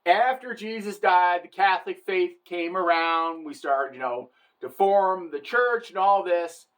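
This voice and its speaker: A woman's voice: on the low side, animated, unhurried. A woman giving an irreverent, wisecracking satirical comedy monologue, bragging and joking about the church.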